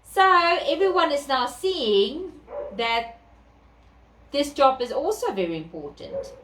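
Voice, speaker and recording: A woman with a South African accent reading an animal story to children in an animated way. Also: high voice, a little hiss or hum. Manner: animated, slow, sing-song. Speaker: children's storyteller at a therapy centre. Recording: echoey room, distant mic.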